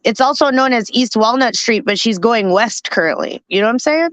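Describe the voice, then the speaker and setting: A woman's voice: fairly high pitch, animated, fairly quick, a bit bright, no echo, poor audio. A woman hosting a storm-chase livestream, chatting casually and explaining things step by step. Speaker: stream host.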